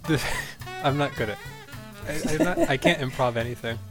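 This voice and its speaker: A man's voice: mid-range voice, normal speed, music in the background. A man hosting a podcast in casual, playful chat with friends. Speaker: podcast host.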